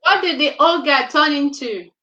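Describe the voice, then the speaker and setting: A woman hosting a children's reading show over a video call, briskly questioning and coaxing the young readers like a teacher. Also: high-pitched, sharp tone, reverberant, dull audio, a little hiss or hum. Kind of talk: casual chat quizzing children.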